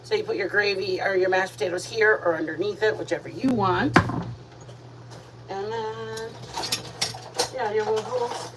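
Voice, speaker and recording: A woman's voice: mid-range voice, normal speed, pauses often. An older woman hosting a home cooking livestream, chatting playfully with her viewers while she eats. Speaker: host of a cooking and eating livestream. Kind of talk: casual chat to viewers while eating. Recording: distant mic with background noise.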